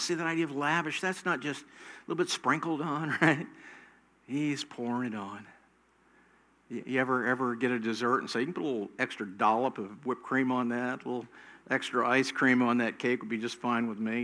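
A middle-aged male pastor preaching a sermon slowly and emphatically, his voice swelling louder at high points.

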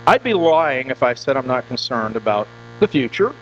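A pastor preaching a conversational sermon in a church, often repeating words and asking the congregation questions. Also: male voice, medium pitch, very animated, normal speed. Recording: dull lo-fi recording with mains hum.

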